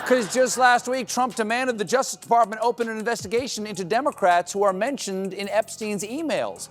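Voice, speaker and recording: High-voiced sarcastic late-night comedy host. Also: male voice, expressive, fairly quick, few pauses, faint music behind. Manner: sarcastic punchline delivery. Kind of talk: comedic monologue.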